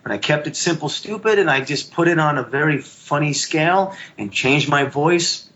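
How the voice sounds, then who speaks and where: A man talking as a podcast guest and telling stories with animation, often jumping into high voices for quotes. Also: moderate pace, sharp tone, muffled recording, slight background noise. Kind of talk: casual chat.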